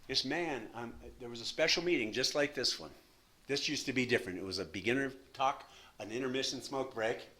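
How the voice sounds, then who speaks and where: A man in his sixties speaking at a recovery meeting from a podium, telling his story in an animated, self-deprecating way with lots of repetition. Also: mid-range voice, a little fast. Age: 60s. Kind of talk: personal recovery story talk.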